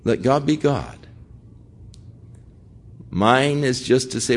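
A man's voice: medium pitch, expressive, takes it slowly, pauses often. An older man preaching a conversational sermon, acting out the voices of people praying as he quotes them. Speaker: pastor.

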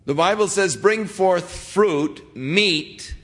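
A middle-aged pastor preaches a sermon conversationally, reading scripture and acting out the voices of the people he quotes. His voice sits high and a bit bright, and he speaks slowly.

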